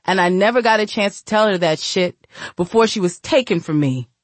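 A woman's voice: mid-range voice, brisk, no room sound, natural voice. A woman voicing a drunken, hostile man who slurs and threatens, in an audiobook. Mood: grieving. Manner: slurred, menacing.

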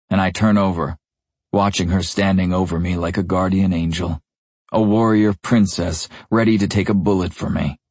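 A man's voice: low-pitched, husky, no echo. A young man narrating a first-person novel in a gritty, intense tone. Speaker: audiobook narrator.

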